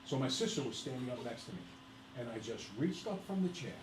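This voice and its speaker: A male teacher telling a personal story to his class in a lively, laughing way, speaking to the students directly. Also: mid-range voice, a little fast, echoey room, noisy background.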